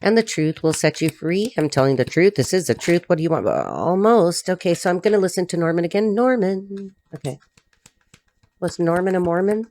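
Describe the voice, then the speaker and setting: An American woman with a lowish, slightly mellow voice talks a little fast as she gives a casual solo tarot reading to the camera. Her delivery is chatty and blunt, full of freely dropped swear words.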